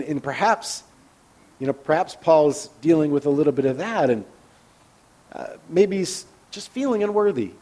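Slightly high-voiced male pastor, conversational. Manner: candid and personal, often trailing off into soft, hushed asides. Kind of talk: conversational sermon.

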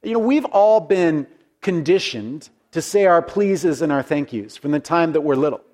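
Earnest folksy male pastor, slightly high. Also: expressive, normal speed, darkish tone. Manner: earnest, folksy storytelling with frequent restarts. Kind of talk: conversational sermon.

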